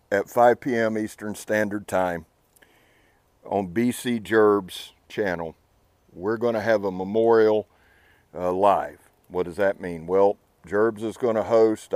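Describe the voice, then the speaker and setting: A man's voice: lowish voice, steady tone, takes it slowly, darkish tone, no room sound. A man hosting an outdoor channel, talking earnestly and casually to the camera beside a campfire. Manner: earnest, heartfelt, laid-back. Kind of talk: casual talk to camera by a fire.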